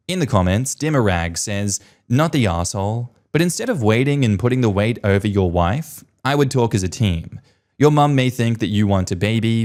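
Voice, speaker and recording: A man's voice: on the low side, a little mellow. A man reading online posts aloud and reacting to them with blunt, sarcastic commentary.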